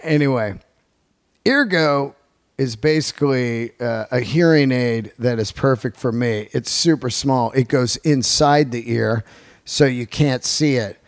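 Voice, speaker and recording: A man's voice: mid-range voice, unhurried, dry recording, studio quality. A man, hosting a podcast in a loose, profane, rambling monologue. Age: 50s. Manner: profane, rambling, animated storytelling. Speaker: podcast host. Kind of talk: casual monologue.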